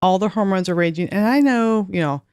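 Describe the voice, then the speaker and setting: A woman's voice: medium pitch, lively intonation, fairly quick, darkish tone, smooth, no echo, clean studio sound. A woman in her forties, a guest author and homeschool mom, chatting earnestly in a podcast interview with light laughs.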